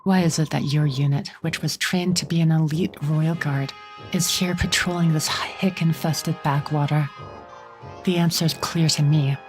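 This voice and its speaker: A woman's voice: deep voice, fairly even intonation, unhurried, soft background music. A woman playing a sneering villain general. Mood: mocking. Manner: contemptuous, taunting.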